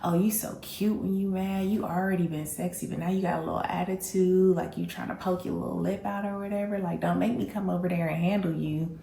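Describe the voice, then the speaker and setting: Woman doing a soft-voiced flirty guy. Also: steady tone, fairly quick, gravelly, hardly any pauses, reverberant. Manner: low, soft seductive coaxing.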